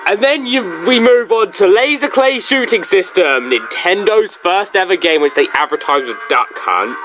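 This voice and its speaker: A video reviewer talking casually through a book, in a rambling, joking manner with big swings in pitch. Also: lively intonation, normal speed, noisy background.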